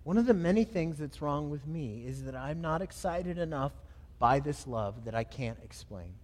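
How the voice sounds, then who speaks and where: A man's voice: on the high side, animated, moderate pace, long reverb tail. A male pastor preaching a sermon, asking questions and answering them himself in an emphatic delivery.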